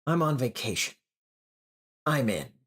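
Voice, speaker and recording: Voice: mid-range voice, big pitch swings, measured pace, a bit bright, slightly rough, exaggerated voice. A reader voicing a male police detective who sounds incredulous and exasperated.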